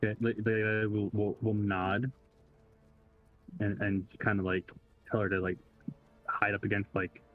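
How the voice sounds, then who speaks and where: A man with a low, flat voice describes his character's moves in a tabletop game, halting often with fillers like "you know." His audio is tinny and phone-like, with faint music underneath. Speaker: player. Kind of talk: casual tabletop play, third person for his character.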